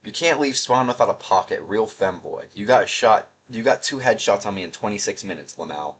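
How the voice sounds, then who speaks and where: A man's voice: lowish voice, animated, a little fast, breathy edge. A young man doing casual, sarcastic gaming commentary, reading out chat messages in a rambling, mocking way. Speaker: gaming video creator.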